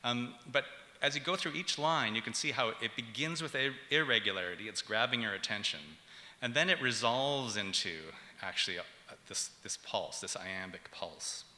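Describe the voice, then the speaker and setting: A man giving a public lecture as a professor, explaining in a measured way with frequent ums and uhs. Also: medium pitch, sharp tone. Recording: echoey hall with long reverb.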